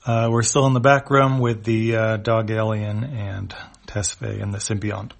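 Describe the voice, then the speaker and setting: Gravelly man reading a comic aloud. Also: on the low side, measured pace. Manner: plain, steady panel-by-panel reading. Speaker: reader of a webcomic.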